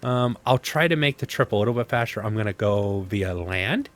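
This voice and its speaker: A man's voice: fairly low pitch, expressive, moderate pace. A man casually commenting on his own survival gameplay, rambling to himself with sarcastic asides. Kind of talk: casual let's-play commentary.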